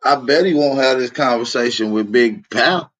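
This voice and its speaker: A man's voice: medium pitch, normal speed, a bit bright, highs cut off. A man hosting a live stream, commenting bluntly and with lots of profanity.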